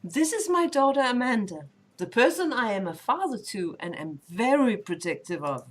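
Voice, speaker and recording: A woman's voice: fairly high pitch, sing-song, normal speed. A woman, not a native English speaker, streaming and reading a dating game aloud with playful, laughing narration. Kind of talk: reading game text aloud, casual chat. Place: home streaming setup.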